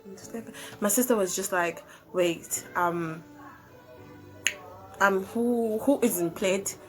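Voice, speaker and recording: Young South African woman vlogger, chatty storyteller, swears freely, mid pitch, soft music bed. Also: slow. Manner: animated, swearing, hesitant fillers. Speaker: YouTuber. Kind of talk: casual storytime.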